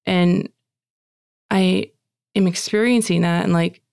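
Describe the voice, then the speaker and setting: A woman giving a chatty, animated personal faith testimony at a women's gathering, acting out dialogue and saying "like" often. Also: lowish voice, takes it slowly, creaky, clean tone, no echo, studio quality. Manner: heavy use of "like" as filler. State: tearful at moments.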